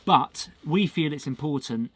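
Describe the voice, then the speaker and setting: A man's voice: fairly high pitch, lively intonation, a little slow, slightly rough. A male channel host chatting casually as he reads out viewer mail and thanks the senders.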